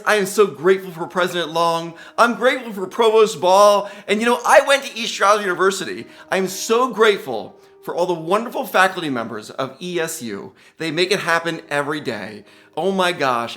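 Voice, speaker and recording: A man's voice: high voice, pushed and bright. A middle-aged man giving a gushing motivational commencement speech, exclaiming often and calling listeners guys. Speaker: commencement speaker.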